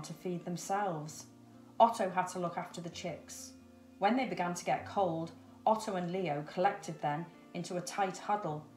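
Low-voiced woman reading a children's story. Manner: measured, expressive read-aloud. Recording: echoey room.

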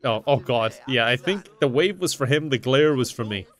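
A man's voice: medium pitch, lively intonation, normal speed, crowd noise. A young man giving casual gameplay commentary, often laughing, swearing and joking with the characters on screen. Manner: talks to game characters in silly mock voices. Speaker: gaming commentator.

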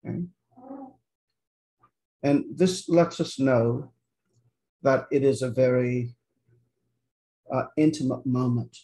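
Slow and mellow, with frequent pauses, this mid-range male voice belongs to a Bible teacher lecturing informally. His conversational delivery leans on fillers and repeated "okay?" check-ins, and he paraphrases scripture casually.

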